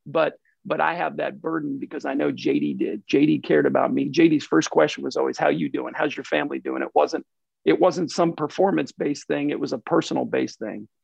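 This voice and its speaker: A man's voice: a little high, fairly even intonation, a little fast, creaky, darkish tone, slightly rough, no room sound. A man talking earnestly and reflectively as a guest in a casual interview, often repeating himself as he thinks. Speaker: racing team president, guest. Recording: dull lo-fi recording.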